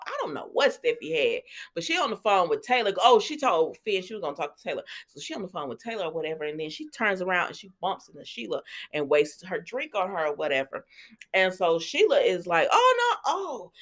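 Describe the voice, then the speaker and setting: A woman casually recapping a soap opera episode for her channel, chatty and animated, with lots of fillers as she tells the story. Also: lowish voice. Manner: animated storyteller, acts out lines, many fillers.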